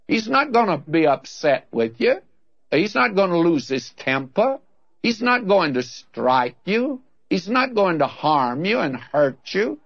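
A man's voice: high voice, no echo. An older man preaching a radio Bible sermon, earnest and folksy, pleading with his listeners. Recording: dull, dry lo-fi old radio recording.

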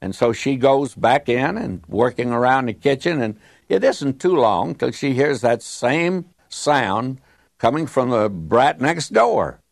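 A man's voice: mid-range voice, animated, unhurried, creaky, no room sound, clean studio sound. Folksy male radio Bible teacher. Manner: folksy storytelling, digressive.

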